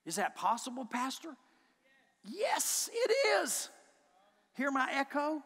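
A male pastor preaching in a church sanctuary, his voice very high and ringing bright. He swings from quiet, intent passages to shouted, repeated declarations. A long reverb trails each phrase through the hall. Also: huge pitch swings, slow, pauses often. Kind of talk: sermon.

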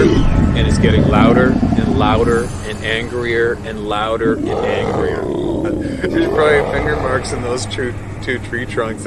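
Recounting a tense grizzly encounter, a man who guides hunters speaks in a mid-range voice. His telling is animated and casual, full of laughter and acted-out moments.

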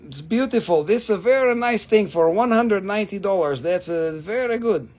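High-voiced joking man selling crystals. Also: lively intonation, moderate pace, darkish tone. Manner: joking, profane, teasing banter; trails off with repeated fillers when flustered. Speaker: host selling rocks and crystals on a live stream. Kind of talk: casual live sales chat.

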